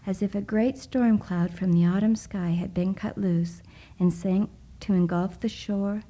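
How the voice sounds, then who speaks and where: Slow, hushed woman reading a story. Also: mid-range voice, fairly even intonation, rough recording. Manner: hushed, often whispered narration. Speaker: narrator. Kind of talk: soft-spoken story reading.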